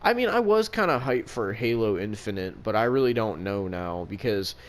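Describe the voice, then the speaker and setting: A man's voice: fairly low pitch, expressive, normal speed. A man co-hosting a casual podcast, telling a rambling story full of profanity. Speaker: podcast co-host.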